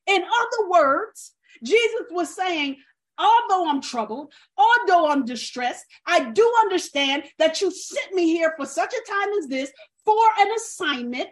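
A woman preaching a sermon with fervor, swinging between loud outbursts and hushed asides. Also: extremely high pitch, expressive, unhurried.

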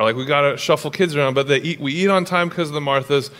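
A young man preaching a sermon as pastor, animated and jokey, with quick storytelling asides. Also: fairly high pitch, in a large hall.

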